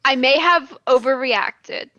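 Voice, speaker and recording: A woman playing a tabletop game, giggly and quick to throw out ideas. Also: high-pitched, sharp tone, no room sound, lo-fi sound. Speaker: player. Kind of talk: casual tabletop play.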